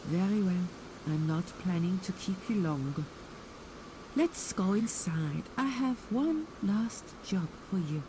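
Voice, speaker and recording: An actress voicing a sinister, mocking old woman in a video game, speaking in a slow, measured, menacing way. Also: fairly low pitch, lively intonation, background noise. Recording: game audio under loud music.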